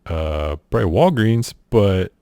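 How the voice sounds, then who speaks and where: A man's voice: deep voice, lively intonation, measured pace, dark tone, dry recording, studio quality. A young man from South Carolina with a Southern accent, casually working through an accent challenge in an offhand, laid-back way. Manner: laid-back, offhand, says "y'all" and "ain't". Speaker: streamer doing an accent challenge. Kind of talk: casual vlog reading a list of questions.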